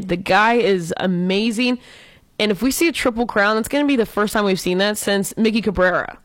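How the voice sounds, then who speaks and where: An upbeat woman co-host chatting about sports with real excitement and firm opinions. Her voice sits in a middle register and sounds close and dry, with little room around it. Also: medium pitch, fairly quick, no room sound. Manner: enthusiastic, opinionated fan talk. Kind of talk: casual sports talk.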